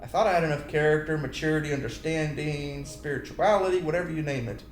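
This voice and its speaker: Talking fast in a fairly high voice, this Christian speaker lectures on love and marriage through lively personal stories, doing voices and breaking into song snippets. Soft background music plays, with an echoey room sound and faint noise.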